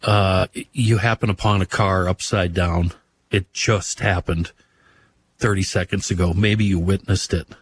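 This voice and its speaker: A man hosting a talk radio show, telling folksy stories in a relaxed chat and laughing easily. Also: low voice, a little slow, a little hiss or hum.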